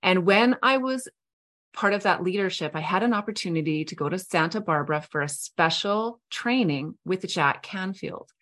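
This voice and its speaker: A middle-aged woman hosting a podcast, telling a personal story in a heartfelt, earnest way with soft pauses. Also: fairly low pitch, lively intonation. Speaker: podcast host. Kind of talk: reflective storytelling monologue.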